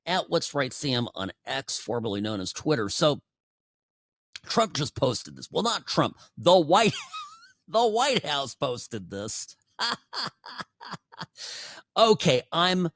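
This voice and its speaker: Animated man in his forties hosting talk. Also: on the high side, takes it slowly, long pauses, no room sound. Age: 40s. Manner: animated, sarcastic, conversational with frequent asides. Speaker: political talk show host. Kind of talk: opinionated political commentary.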